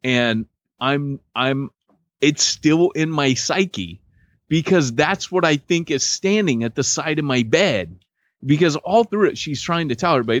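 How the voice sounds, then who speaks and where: A man's voice: mid-range voice, dry recording, muffled recording. A man in his forties, a podcast co-host telling a story in casual chat and acting out the voices. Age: 40s. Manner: animated storyteller, acts out voices.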